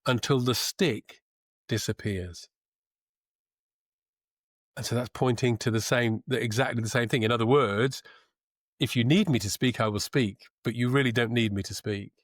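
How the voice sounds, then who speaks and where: A man as a podcast guest, talking in a thoughtful, measured way with pauses, restarts and a trained actor's diction. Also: medium pitch, fairly even intonation, no echo, clean studio sound. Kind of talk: reflective conversation.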